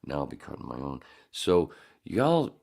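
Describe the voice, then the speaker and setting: A man's voice: rumbling low, normal speed, vocal fry. A man hosting a podcast, telling a rambling, profane story in casual chat. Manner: profane, rambling, animated when acting out the story. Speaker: podcast host.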